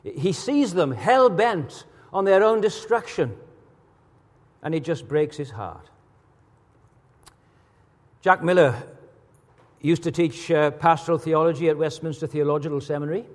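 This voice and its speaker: Preacher in a reverberant hall. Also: male voice, fairly high pitch, measured pace, long pauses. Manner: rhetorical questions, rising to emphatic peaks. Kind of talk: sermon.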